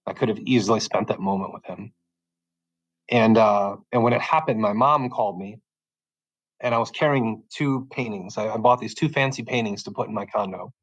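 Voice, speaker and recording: A middle-aged man sharing his personal faith testimony as a podcast guest, talking in a halting, emotional way and often repeating words as he restarts. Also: fairly low pitch, no echo, poor audio.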